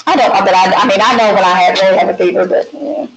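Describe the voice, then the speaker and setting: A woman with a Southern drawl teaches a math class, working through calculations out loud and wandering into homey side stories. Her voice sits at a middle pitch and rings around a reverberant room, with a faint hiss underneath. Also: fast talker. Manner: chatty, folksy asides while working problems. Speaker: math instructor. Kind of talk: recorded classroom lecture.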